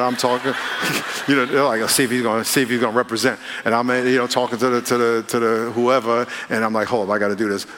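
A man's voice: medium pitch, a bit bright. A pastor delivering a conversational sermon, joking and leading call-and-response with his congregation. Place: church sanctuary. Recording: long hall reverb.

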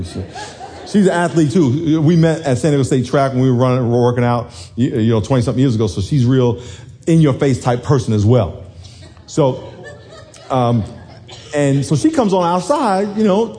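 A man in his forties, a little hoarse, telling a lively football story to a congregation, dropping low then shouting high. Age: 40s. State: hoarse from yelling. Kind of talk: animated storytelling sermon.

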